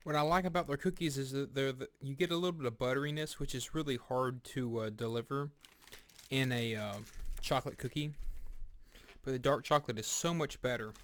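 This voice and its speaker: A man giving a casual snack review, speaking deliberately and pausing often with fillers and restarts. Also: medium pitch, fairly even intonation, a little hiss or hum. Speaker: food reviewer. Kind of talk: casual product review vlog.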